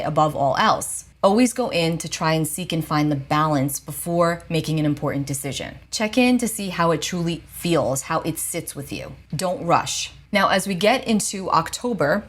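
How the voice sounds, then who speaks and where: A woman with a low, steady voice talks straight to her viewers. She gives gentle spiritual advice in a casual, reassuring way. She often stops to check in with a soft "okay?". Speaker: astrologer and psychic.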